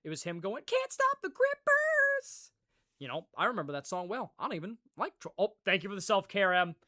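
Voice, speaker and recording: A young man talking to his live stream audience in loose, casual chat. His pitch jumps all over the place as he gets animated, and he laughs and swears freely as he rambles on. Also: fast talker. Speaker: livestreamer.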